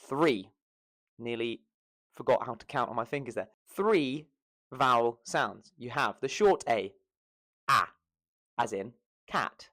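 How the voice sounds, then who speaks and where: A man with a Southern English accent teaching pronunciation to camera, stretching out vowel sounds to show them. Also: medium pitch. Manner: lively, drawn-out demonstration of vowel sounds. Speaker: accent coach.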